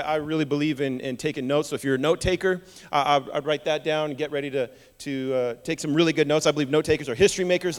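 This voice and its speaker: Male pastor, sermon, chatty joking storyteller, slightly high voice, reverberant church hall. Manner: animated, joking storyteller who repeats words.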